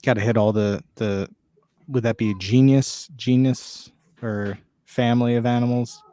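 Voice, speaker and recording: A man's voice: medium pitch, fairly even intonation, a little slow, dark tone, clear, resonant tone, no echo, clean studio sound. A man being interviewed as a musician, easygoing and talking with lots of fillers. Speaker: musician guest. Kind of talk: casual interview chat.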